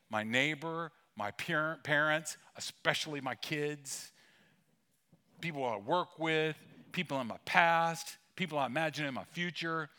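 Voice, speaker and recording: Bright-voiced man preaching with humor. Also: a little high, clear, resonant tone. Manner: conversational storytelling with humor. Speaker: pastor. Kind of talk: sermon. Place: church sanctuary.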